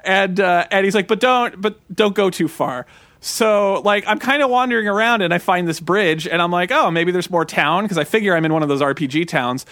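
A man in his late thirties with a high, bright voice, chatting casually as a podcast co-host. He tells stories with lots of acted-out quotes. The sound is dry and close. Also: brisk, few pauses, no echo. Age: 30s. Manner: animated, acts out quotes in a high put-on voice. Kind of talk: casual chat retelling a game.

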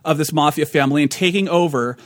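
A man's voice: fairly high pitch, fast talker, no room sound, studio quality. A man co-hosting a tabletop gaming podcast, chatting casually, rambling with restarts and laughing often. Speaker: podcast co-host. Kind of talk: casual chat.

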